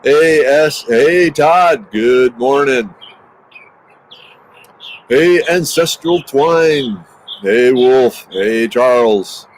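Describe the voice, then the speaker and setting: A man hosting a casual outdoor livestream, talking extra loud into a handheld microphone. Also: medium pitch, lively intonation, extremely slow, long pauses, slight background noise, low-quality recording. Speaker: livestream host. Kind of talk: casual livestream chat greeting viewers. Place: outdoors near a busy highway. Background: birdsong.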